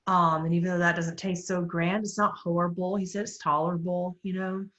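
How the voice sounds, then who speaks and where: A woman's voice: lowish voice, flat delivery, fairly quick, a bit bright, echoey room, highs cut off. A woman working as a psychic medium, chatting in a live Q&A, laughing often as she passes on messages. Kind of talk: live Q&A chat.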